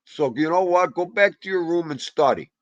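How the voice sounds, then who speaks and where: A man hosting a livestream, rambling excitably and greeting viewers by name. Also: a little high, normal speed, dry recording, dull audio. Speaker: livestream host. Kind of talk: casual chat.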